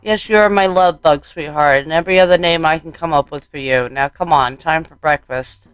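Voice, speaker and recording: A man's voice: a little high, a little fast, a bit bright, smooth, no echo, faint music behind, natural voice. A man reading the part of a doting, unsettling woman in a horror game, full of sugary pet names. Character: doting, unsettling adult woman, motherly, obsessive.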